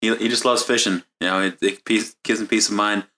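A man's voice: on the low side, fairly even intonation, fairly quick, bright, forceful tone. A young man playing a tabletop game, casual, often saying "you know".

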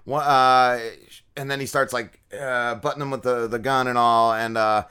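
Bright-voiced man rambling a casual recap. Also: mid-range voice, level tone, normal speed, smooth. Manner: rambling, profanity-heavy episode recap full of fillers. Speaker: podcast co-host. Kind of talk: casual chat.

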